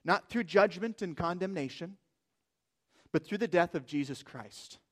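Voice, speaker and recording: A man's voice: sits high, animated, a little slow, a bit bright. A man preaching a sermon as pastor, emphatic and asking rhetorical questions.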